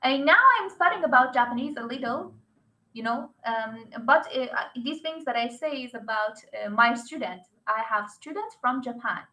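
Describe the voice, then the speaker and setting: A woman's voice: a little high, normal speed, sharp tone, rough recording. A young woman English teacher chatting casually and animatedly about her students, with non-native phrasing. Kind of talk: casual chat.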